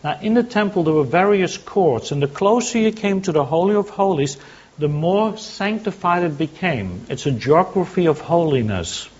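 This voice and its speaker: A man's voice: fairly high pitch, animated, moderate pace, darkish tone, slightly rough, highs cut off. A man preaching a sermon, teaching by asking questions and answering them himself. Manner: teaching, asks and answers his own questions.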